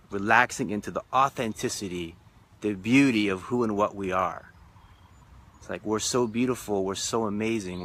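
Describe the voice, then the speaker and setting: A man with a lowish, bright, forceful voice reflects on a retreat in a live stream. He repeats phrases in a rhythmic, emphatic way, and faint traffic noise sits behind him. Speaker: spiritual retreat leader. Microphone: phone or webcam live stream.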